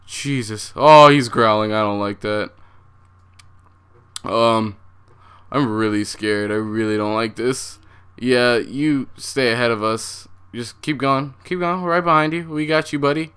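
Bright-voiced young man, jumpy game commentary. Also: medium pitch, measured pace, clean tone. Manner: jumpy, swears a lot, talks to viewers. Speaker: gaming channel host.

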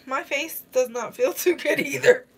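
A woman's voice: high-pitched, normal speed. A young woman vlogging casually in a face mask, giggling often as she reacts to a movie and to comments from her chat. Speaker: beauty vlogger.

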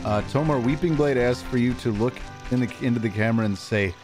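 Game music plays under a man's mid-range, slightly fast voice as he streams a game. He keeps things relaxed and chatty, reading and replying to his chat.

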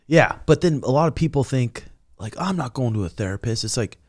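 A man hosting a casual podcast chat, asking questions in a jokey, animated way. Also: medium pitch, a little fast, dry recording, studio quality. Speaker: podcast host.

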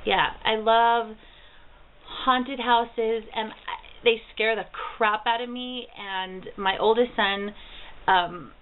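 A woman's voice: on the high side, steady tone, slow. A woman in her thirties vlogging at home, gushing in a bubbly, easily delighted way over a package of gifts. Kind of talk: casual mail haul vlog. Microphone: built-in camera mic. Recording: tinny lo-fi camera audio with faint hiss.

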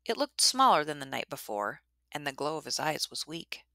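A woman telling a traditional story in a measured, dramatic narration. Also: sits low, very animated, sharp tone, dry recording, clean studio sound.

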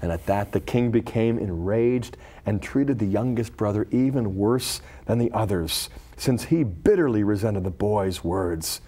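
A man teaching a Bible lesson, retelling a scripture story in an expressive, dramatic storytelling way. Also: on the low side, unhurried, few pauses, husky.

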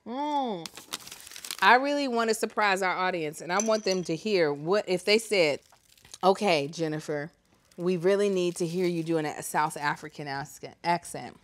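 A woman hosting a casual crafting and cocktails chat, teasing her guest and breaking into loud laughing outbursts. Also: moderate pace. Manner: playful, teasing, bursts into high laughing outbursts. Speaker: host.

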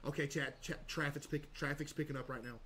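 Playful high-voiced man streaming a game. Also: fairly even intonation, a little fast, a bit bright. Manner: playful, switches to a sugary high shopkeeper voice for customers. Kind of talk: gaming livestream commentary.

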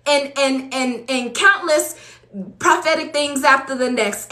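A woman's voice: high voice, a little slow, bright, forceful tone. A woman preacher from Los Angeles giving a fervent, conversational testimony sermon to her congregation in a church. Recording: echoey room.

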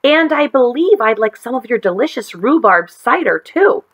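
Woman playing a male weasel, storybook, grumbling, meek, a little gravelly. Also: fairly high pitch, sing-song, moderate pace, a bit bright, voice pushed up, heavily acted. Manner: whiny then meek.

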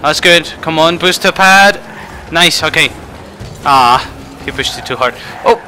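A man giving frustrated live commentary over a car game, shouting outbursts and then muttering to himself. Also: on the high side, unhurried, a little hiss or hum. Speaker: gaming video creator.

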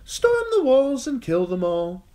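A man voicing a cold, bored knight commander with a high, thin voice and languid, haughty manner. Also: wildly swooping pitch, a little slow, darkish tone, exaggerated voice.

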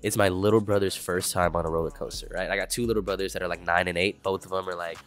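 A man's voice: sits low, steady tone, fast talker, a bit bright, faint music behind. A young man in his twenties chatting on a livestream, laid-back and swearing a lot as he reacts to chat. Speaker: streamer.

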